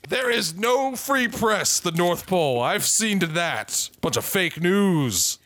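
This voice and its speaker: A man's voice: high voice, lively intonation, slow pace, a bit bright, no room sound, full character voice. A man playing a cruel, unhinged Santa Claus in an improvised comedy scene, crude and swearing, breaking into sudden rants. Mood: sneering.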